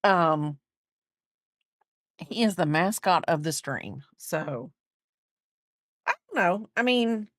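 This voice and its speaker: A woman's voice: on the low side, expressive, slow pace, pauses often, no room sound, clean studio sound. A woman in her fifties chatting casually while crocheting on a livestream, rambling and thinking aloud with lots of fillers. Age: 50s.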